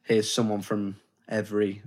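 A man's voice: on the low side, monotone, normal speed, darkish tone. A man co-hosting a casual film discussion podcast, rambling and self-correcting, often acting out quoted lines. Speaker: podcast co-host.

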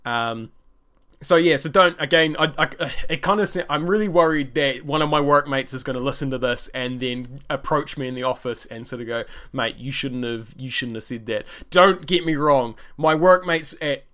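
A man's voice: on the high side, moderate pace, bright, forceful tone. A young man hosting his own podcast, chatting casually and rambling with lots of fillers and restarts. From New Zealand. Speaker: podcast host. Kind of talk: casual solo podcast, answering listener questions.

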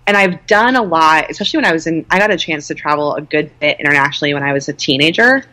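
Low-pitched woman guest, thirties, chatty and candid, pokes fun at herself. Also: animated, fast talker, sharp tone. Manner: chatty, candid, self-deprecating. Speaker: guest, nonprofit co-founder. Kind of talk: casual conversational interview.

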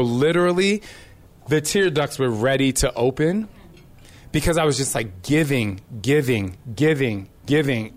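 A man in his forties telling an emotional, candid personal story to an audience, rambling with fillers and the odd swear word. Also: mid-range voice.

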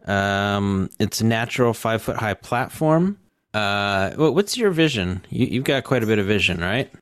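A man's voice: fairly low pitch, lively intonation, moderate pace, clean tone, dry recording. A man narrating as game master, reading scene descriptions aloud between hesitant fillers.

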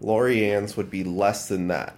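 A man's voice: lowish voice, steady tone, a little slow. A man co-hosting a podcast, chatting casually and dropping dry, teasing remarks. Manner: dry, teasing quips and offhand fact-sharing. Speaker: podcast co-host. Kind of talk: casual chat.

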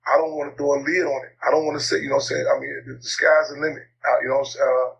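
A man being interviewed, talking casually in a halting way, often repeating words and using fillers, his voice a bit worn. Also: fairly high pitch, little pitch movement, gravelly, a bit bright. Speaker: interview guest, activist. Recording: slightly dull lo-fi audio, faint noise.

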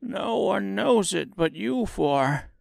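A man's voice: sits high, lively intonation, takes it slowly, vocal fry, dry recording, clean studio sound, voice pushed up, full character voice. A man voicing a timid little old man posing as a great wizard, speaking meekly in a trembling voice. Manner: trembling, meek, pleading.

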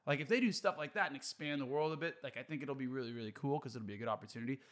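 A man co-hosting a podcast in casual chat, animated and quick to laugh, swearing often. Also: medium pitch. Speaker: podcast co-host.

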